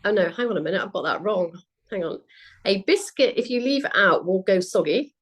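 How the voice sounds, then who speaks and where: A woman talking through her research as a guest, chatty and full of ums and quick self-corrections. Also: medium pitch, expressive. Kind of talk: conversational interview.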